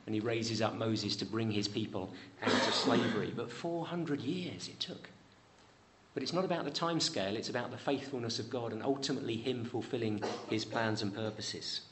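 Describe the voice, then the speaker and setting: A man preaching a sermon in a church. He rises high on pleading questions and drops low and soft on promises. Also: a little fast, hardly any pauses, background noise.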